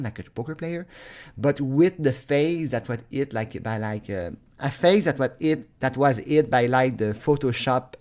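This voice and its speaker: A man ranting angrily on his own channel, swearing often, tripping over his words and breaking into laughter. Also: mid-range voice. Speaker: vlogger. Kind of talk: profane comedic rant.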